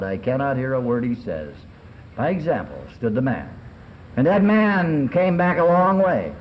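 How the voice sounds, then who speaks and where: An American man speaks at a recovery convention in folksy street slang, clearing his throat now and then. His voice rises and falls a lot and sits a bit high for a man. A dull, lo-fi old tape adds a faint hiss underneath. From Southern California. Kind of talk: recovery meeting talk. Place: convention hall. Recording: dull lo-fi 1970s tape recording.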